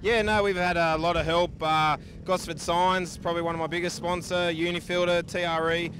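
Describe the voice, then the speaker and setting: In the outdoor pits of a speedway, an Australian sidecar racer answers questions in a casual trackside interview. His voice sits high with little pitch movement, he talks at normal speed, and the background is noisy. His answers come steadily and matter-of-factly.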